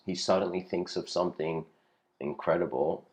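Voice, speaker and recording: A man with a very low voice gives a casual spoken lecture. He tells a parable in a loose, rambling way, filling gaps with "you know" and soft chuckles. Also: normal speed.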